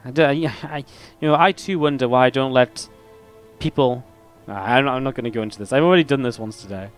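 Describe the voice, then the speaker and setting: An esports caster and streamer calls a video game match on his own, rambling and chatting with his stream chat in a laid-back way between play-by-play and laughing at his own stories. His voice is medium in pitch and quick, with faint music behind him.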